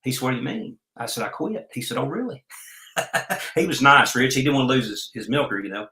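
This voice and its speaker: A man's voice: medium pitch, lively intonation, sharp tone, roomy sound, poor audio. Folksy man telling stories. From Oklahoma. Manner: folksy, unhurried storyteller. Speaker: podcast guest. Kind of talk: storytelling in a podcast interview.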